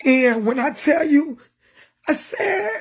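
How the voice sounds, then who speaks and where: A woman's voice: high voice, animated, takes it slowly. A woman minister talking casually to her followers, passionate and preachy, emotional at times. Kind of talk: casual livestream talk.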